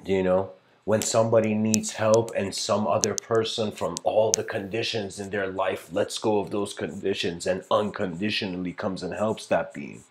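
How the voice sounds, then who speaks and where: A man with a lowish voice gives a livestreamed philosophical lecture at a moderate pace and in a steady tone, with slight background noise. He is earnest but rambling, searching for words and leaning heavily on fillers like "you know" and "like."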